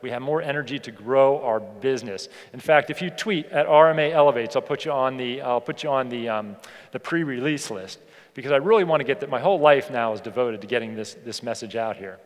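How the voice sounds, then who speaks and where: Energetic male keynote speaker, echoing hall. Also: medium pitch, a little fast. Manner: energetic, emphatic, repeats phrases for effect. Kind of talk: motivational keynote speech. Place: large conference hall. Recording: long hall reverb from a PA.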